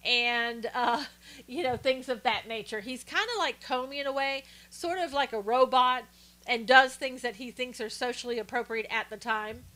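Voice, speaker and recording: A woman with a fairly high, bright, forward voice hosts a live stream in a loose, conversational way. She talks through political opinions with plenty of "uh"s and greets her viewers by name as she goes. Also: moderate pace. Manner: chatty, opinionated, with frequent fillers and greetings to viewers. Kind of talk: casual political commentary, reading viewer chat.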